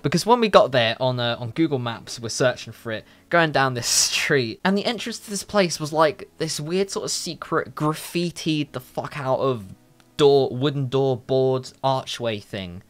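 A young man from telling a story in a casual vlog, animated and full of swearing. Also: mid-range voice. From London. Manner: animated, heavy swearing, quick asides. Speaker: YouTuber.

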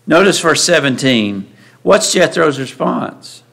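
Conversational preacher man, slightly high voice. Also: very animated, unhurried, creaky, fairly bright tone. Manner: conversational, asks the congregation frequent rhetorical questions; acts out the voices of Bible figures when quoting them. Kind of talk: sermon. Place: church sanctuary.

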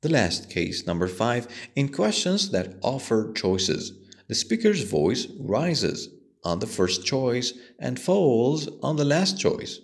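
A man teaching an English lesson, explaining patiently and slowly with a strongly rising and falling voice. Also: mid-range voice, very animated, gravelly.

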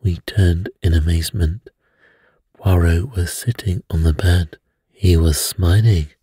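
A man narrating a bedtime story in a slow, hushed storytelling manner. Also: low-pitched, steady tone, breathy edge, no room sound, studio quality.

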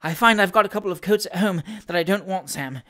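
A reader voicing a nervous, eager young gentleman in an audiobook of a classic novel, fussy and pleading. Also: mid-range voice, quick pace, lightly acted. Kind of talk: audiobook character reading.

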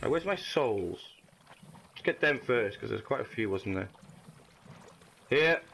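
A man's voice: mid-range voice, expressive, a little slow, gravelly, a bit bright, slight background noise. Sweary man gaming. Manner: sweary, frustrated outbursts at the game. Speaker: gamer. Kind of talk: let's play commentary.

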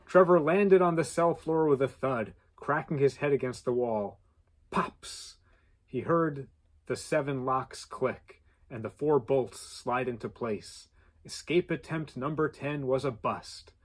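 A man reading a contest story aloud with animated delivery and playful asides. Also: mid-range voice, a little slow. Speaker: contest entry reader.

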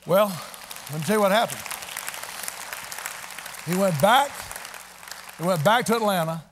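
Here is a man with a high-pitched voice preaching a revival sermon in church. He tells his story in a folksy, homespun way, then rises into fervent, shouting praise. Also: lively intonation, a little slow, a faint crowd, a little hiss or hum. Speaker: evangelist preacher. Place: church service.

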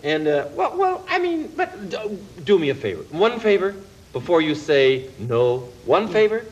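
A man's voice: sits high, sing-song, normal speed. A man voicing a scheming male puppet dragon who runs the show in a 1970s television puppet comedy, coaxing and stammering as he talks. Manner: flustered, coaxing, stammers and restarts. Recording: dull lo-fi broadcast tape.

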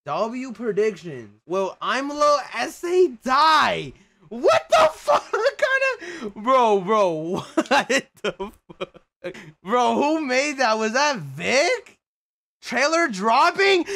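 A young man of Mexican heritage chatting profanely with his livestream viewers, excitable and prone to sudden shouts and laughter. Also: very high-pitched, creaky. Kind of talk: casual livestream chat with viewers.

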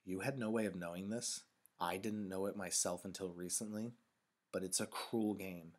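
A man voicing a thoughtful, sad boy who speaks quietly, wearily and with care, in a novel read aloud. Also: low-pitched, steady tone, normal speed. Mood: weary.

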